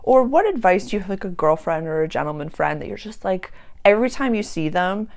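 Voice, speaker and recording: A woman's voice: mid-range voice, fairly quick, gravelly. A woman hosting her own spiritual channel, talking casually and chattily about personal growth. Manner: chatty, animated, acts out quoted voices. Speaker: spiritual coach and channel host.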